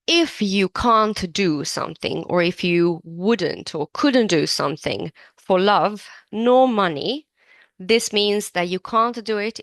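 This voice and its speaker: A woman's voice: medium pitch, no room sound. A woman teaching an English lesson, explaining phrases patiently and breaking words down step by step. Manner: admits to digressing.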